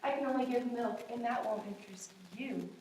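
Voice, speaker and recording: A woman voicing a gentle, sad female cow from a storybook, speaking in plaintive rhymes. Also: fairly high pitch, a little fast, a little hiss or hum, lightly acted. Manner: plaintive, rhyming storybook lines. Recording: echoey room, far from mic.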